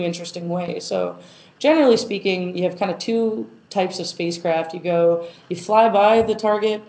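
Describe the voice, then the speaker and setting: This woman speaks at a fairly low pitch with a darkish tone. She's a planetary scientist fielding interview questions thoughtfully and casually, full of fillers and false starts, captured in a room with noticeable echo.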